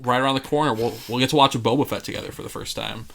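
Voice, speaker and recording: A man's voice: mid-range voice, rapid-fire, vocal fry, fairly bright tone. A man co-hosting a casual review show, rambling and restarting his sentences, laughing often. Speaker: podcast co-host.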